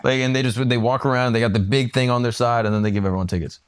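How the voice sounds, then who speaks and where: A man's voice: medium pitch, steady tone, racing, clear, resonant tone. A man in casual podcast chat, laid-back, laughing through his stories. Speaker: podcast co-host.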